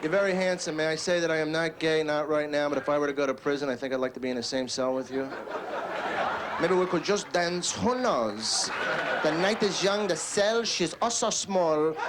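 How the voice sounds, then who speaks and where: A man's voice: on the high side, moderate pace, very noisy. A man from Philadelphia doing a stand-up routine in a mock-earnest, exaggerated manner. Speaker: stand-up comedian. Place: comedy club stage. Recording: live comedy club with crowd laughter.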